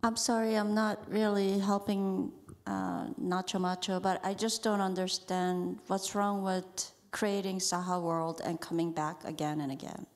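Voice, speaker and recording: A woman's voice: mid-range voice, flat delivery, a little slow, hardly any pauses. A woman in the audience, apologetic and puzzled, joining the discussion. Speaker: audience member.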